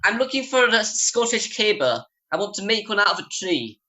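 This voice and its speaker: A man's voice: high voice, very animated, moderate pace, pushed and bright. A man playing a tabletop game, making playful in-character requests. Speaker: player.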